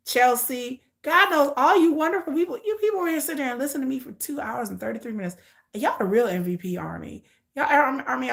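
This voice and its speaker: With a gravelly voice on the high side, a woman hosts a laid-back live stream. She talks emphatically, repeats herself and addresses viewers as "y'all."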